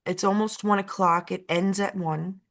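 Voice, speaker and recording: A woman's voice: medium pitch, steady tone, normal speed. A woman tells a story in a casual chat. She talks emotionally and repeats herself, and her pace speeds up and then drags. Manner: emotional, repetitive, uneven pace. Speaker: co-host.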